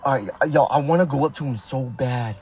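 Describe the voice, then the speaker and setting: A man's voice: medium pitch, brisk, a little mellow, breathy edge. A young man from the Sacramento area, talking to his live-stream chat in slang. He sounds nervous, and he keeps swearing oaths. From Sacramento area, California. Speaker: prank video maker streaming live.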